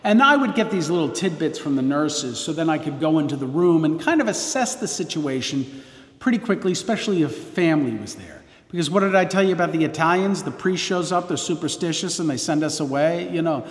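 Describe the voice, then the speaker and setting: A man's voice: a little high, lively intonation, brisk. Rambling male priest in a roomy hall. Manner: rambling, frequent restarts and self-corrections. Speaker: Catholic priest. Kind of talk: casual storytelling.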